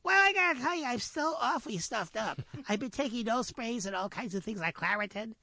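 A man voicing a sly little rabbit with a stuffy nose in a told folk tale, high and whiny. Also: lively intonation, a little fast, sharp tone, no room sound, exaggerated voice. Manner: high, whiny, nasal pleading.

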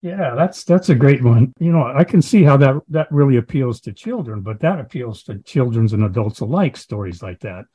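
A man's voice: mid-range voice, lively intonation, moderate pace, hardly any pauses, warm tone, breathy edge, muffled recording. A man interviewing a storyteller in casual conversation, encouraging.

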